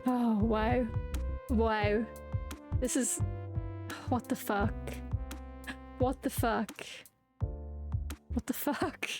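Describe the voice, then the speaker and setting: Streamer: a high-pitched woman, excitable and self-mocking, swearing often, with game music behind her. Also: drawn-out words, long pauses. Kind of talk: let's play commentary.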